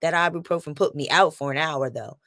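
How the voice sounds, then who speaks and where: A woman chats casually to camera. She tells her story with lively repetition and acts out what people said. The sound is dry and close, with no room echo. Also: low voice, a little fast. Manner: animated storytelling, acts out quotes and repeats phrases. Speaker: vlogger.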